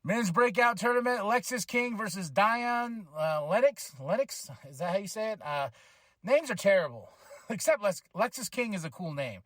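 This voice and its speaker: A man with a high voice talks through a wrestling show like a fan chatting with friends. He is loose and animated, peppering his talk with fillers and short laughs. The sound is dry, with no room echo. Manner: animated, acts out wrestlers' lines in quick voices; frequent laughter and filler words. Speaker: podcast host. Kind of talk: casual wrestling show recap.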